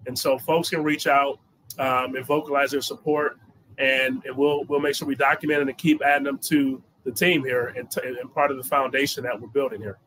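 A man who co-founded a company answers interview questions in an earnest way, filling pauses with "you know". His voice is bright and forceful, with faint noise in the background. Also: mid-range voice, level tone, low-quality recording. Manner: earnest, filler-heavy, says "you know" often.

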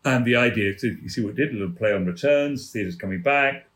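Man telling lively anecdotes. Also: mid-range voice, fast, reverberant. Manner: animated storyteller, laughing mid-story. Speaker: theatre producer guest. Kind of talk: telling anecdotes on a radio chat show.

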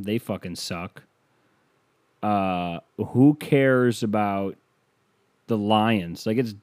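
Man, podcast host, low-pitched, sarcastic rant, dry close mic. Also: darkish tone, no room sound. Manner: sarcastic ranting, acts out quoted people. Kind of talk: casual comedic monologue.

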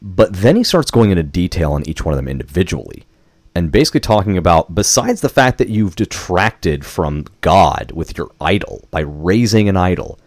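Young podcast dude, lowish voice, super expressive, dry close mic. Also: male voice, moderate pace, no echo. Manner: chatty storytelling with laughs and swearing. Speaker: podcast co-host. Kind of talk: casual chat recapping a film.

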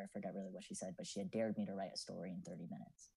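A young man in his twenties chats as a guest on a casual podcast. His voice is mellow and husky, and he talks earnestly and thoughtfully, with lots of "um"s. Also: low voice, flat delivery, rapid-fire, poor audio. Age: 20s. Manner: reflective, earnest, with many fillers. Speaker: podcast guest, student writer.

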